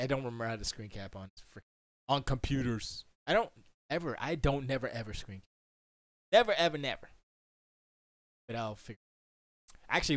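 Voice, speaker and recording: A man's voice: medium pitch, fairly bright tone, dry recording. A young man chatting casually on a livestream from his home studio, rambling and muttering to himself as he works on his computer. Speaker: livestream host.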